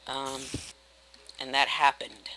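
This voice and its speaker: A young man rambling through casual, self-mocking commentary while playing a building game, with sudden loud outbursts. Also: mid-range voice, completely flat delivery, slow, noisy background. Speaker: gaming video host. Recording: game music playing behind. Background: game music.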